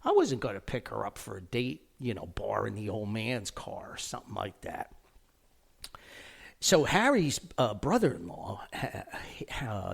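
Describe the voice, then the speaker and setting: Gravelly New Jersey storyteller man. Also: medium pitch. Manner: rambling, folksy, animated with lively quoted voices. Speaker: podcast host telling a personal story. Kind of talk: casual spoken storytelling.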